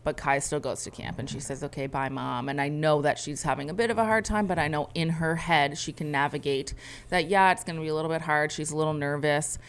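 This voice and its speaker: A woman's voice: low-pitched, fairly even intonation, fairly quick, slight background noise. A woman in her thirties co-hosting a podcast, telling a candid and emotional story in a rambling, heartfelt way. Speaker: podcast co-host. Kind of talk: candid conversation.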